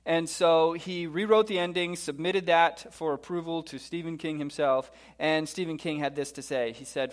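Man, preacher, sermon, animated storyteller, a bit high-pitched. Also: moderate pace, hardly any pauses. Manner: storytelling, animated, acts out quotes. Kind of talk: sermon retelling a movie plot.

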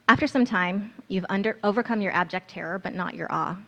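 A woman's voice: medium pitch, fairly quick, creaky, sharp tone, highs cut off. A woman narrating a guided scripture meditation in the second person, in an earnest, storytelling manner.

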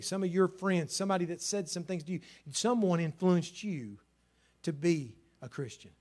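Animated preaching man, higher voice. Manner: energetic, animated preaching with sudden loud bursts and hushed asides. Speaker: pastor. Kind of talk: sermon.

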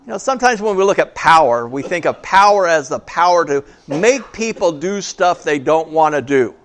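A man, a pastor, preaching a sermon to a congregation in a relaxed, conversational way and asking the audience questions. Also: fairly high pitch, normal speed. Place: church before a congregation.

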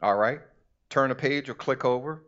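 A middle-aged male pastor preaching a sermon and reading scripture, with an emphatic delivery that calls on the congregation and slows down to stress key words. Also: medium pitch, a bit bright. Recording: dull lo-fi recording.

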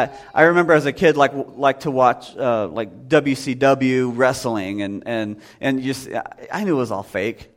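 A man in his thirties preaching a casual sermon in a conversational way, often acting out voices from the story. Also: medium pitch.

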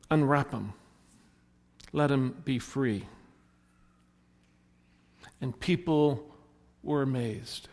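With a medium-pitched, slightly mellow voice, this pastor speaks very slowly and leaves long pauses. His sermon retells a story in which he acts out what the characters say, heard through a long hall reverb.

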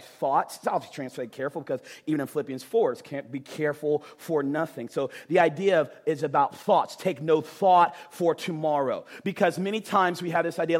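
A man in his thirties preaching a sermon, animated and playful, swinging from loud outbursts to hushed asides and repeating words for emphasis. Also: sits high. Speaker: pastor.

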